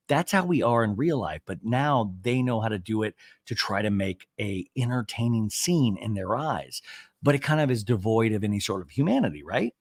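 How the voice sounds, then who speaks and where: A male podcast host chatting casually through a reality show recap, animated and quick to act out quotes. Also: on the low side, no echo, studio quality.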